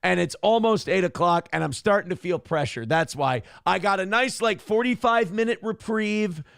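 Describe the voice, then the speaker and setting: Gravelly high-voiced profane host. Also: male voice, moderate pace, a bit bright, dry recording, studio quality. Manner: profane, exasperated, rambling rants. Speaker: live-stream talk show host. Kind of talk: casual live-stream talk.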